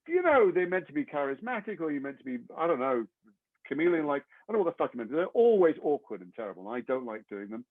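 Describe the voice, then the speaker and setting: Man, quick lively anecdotes, dry phone-like audio. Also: on the high side, no echo. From England. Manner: lively raconteur who acts out the other people in his stories. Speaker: actor, interview guest. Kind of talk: casual anecdote storytelling.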